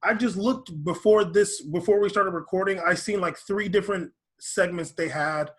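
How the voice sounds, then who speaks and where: Husky-voiced man rambling on a podcast. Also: high voice, normal speed, fairly bright tone. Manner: rambling, full of fillers and restarts. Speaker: podcast co-host. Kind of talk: casual podcast chat.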